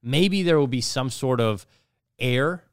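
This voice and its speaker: A man's voice: medium pitch, takes it slowly, no room sound, studio quality. Joking, laughing male podcast co-host. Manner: laughs easily, joking and teasing. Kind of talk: casual podcast banter.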